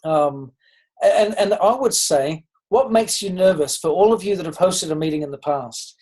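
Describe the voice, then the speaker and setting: A man's voice: high-pitched, animated, normal speed, darkish tone, low-quality recording. A man giving a motivational leadership talk on a group call, earnest and encouraging, asking his listeners questions and often restarting with ums. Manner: asks listeners direct questions. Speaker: leadership coach.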